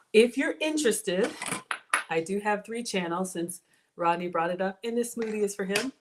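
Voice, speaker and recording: Chatty woman in her forties with a mild Southern drawl. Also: lowish voice. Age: 40s. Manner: chatty, thanks viewers, addresses chat as y'all. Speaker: home cook livestream host. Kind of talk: casual livestream chat while cooking.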